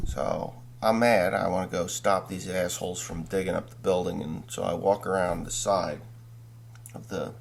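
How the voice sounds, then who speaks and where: A farmer vlogger telling a long, rambling dream story in a casual way, full of profanity and self-corrections. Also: male voice, deep voice, fairly even intonation, moderate pace, creaky, slight background noise.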